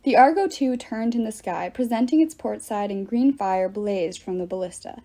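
A woman reading a novel aloud with lively, expressive narration. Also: medium pitch, moderate pace. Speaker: reader.

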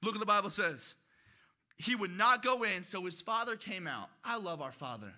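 A young man preaching a sermon in a church, shouting his emphatic declarations. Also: sits high, expressive, normal speed. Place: church sanctuary.

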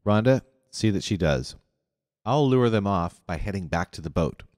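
A man's voice: on the low side, animated, moderate pace, darkish tone, dry recording, studio quality, in a large hall, lightly acted. A man voicing a stern, protective man who gives commands in an audiobook. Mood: commanding.

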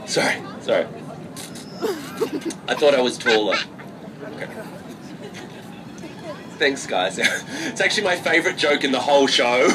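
A man from England working a crowd as a street performer, loud and cheeky, teasing and swearing for laughs. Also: medium pitch, big pitch swings, unhurried, pauses often. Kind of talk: street show patter to a crowd. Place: outdoor city square with a crowd. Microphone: far from the recording camera. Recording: distant voice over loud crowd noise. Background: loud crowd and street ambience.

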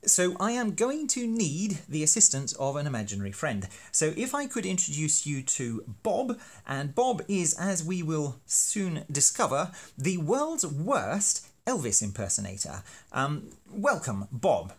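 A man's voice: on the high side, big pitch swings, measured pace, breathy edge. A man explaining a teaching card game in a playful, self-deprecating, hammy way. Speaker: university lecturer making teaching videos. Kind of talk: educational explainer.

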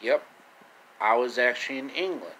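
A man's voice: medium pitch, normal speed, sharp tone, slight background noise, low-quality recording. A man vlogging a comedic retelling of a classic story, with joking, self-mocking asides.

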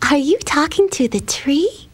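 A woman voicing a shy, dreamy little girl who talks softly and hesitantly in a storybook reading. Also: high-pitched, lively intonation, a little slow, pitched above the performer's own voice. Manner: soft, timid and hesitant.

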